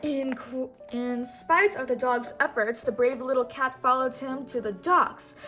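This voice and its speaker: A woman teacher reading a storybook aloud to children, slow and careful, pausing to correct herself and to ask the listener questions. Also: high voice, fairly even intonation, pushed and bright, faint music behind.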